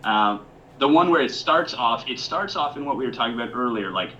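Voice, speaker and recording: A man's voice: mid-range voice, expressive, a little fast, bright, forceful tone, lo-fi sound. A man co-hosting a casual podcast, easygoing and hesitant, with many fillers. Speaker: podcast co-host. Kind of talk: casual chat.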